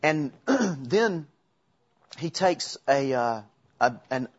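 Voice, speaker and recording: A man's voice: mid-range voice, expressive, extremely slow, dull audio. A man preaching a sermon in a conversational way, with asides and self-corrections. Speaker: pastor.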